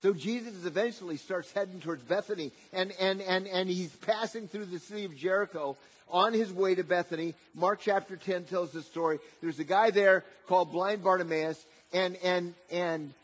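A man preaching a sermon, often repeating words and swinging between loud emphatic lines and quiet, soft passages. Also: high-pitched, moderate pace, breathy edge.

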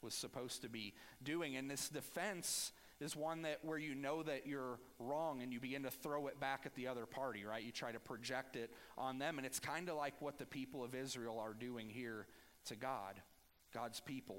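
A man's voice: medium pitch, moderate pace, fairly bright tone, big-room sound. A man preaching a sermon in a conversational way, now and then acting out sarcastic, defensive voices. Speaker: pastor.

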